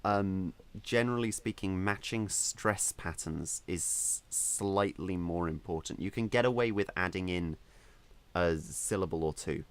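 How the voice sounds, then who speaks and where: A man's voice: low voice, measured pace, clear, resonant tone. A man co-hosting a casual podcast about writing, giving firm opinions and explaining with emphasis. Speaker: podcast co-host.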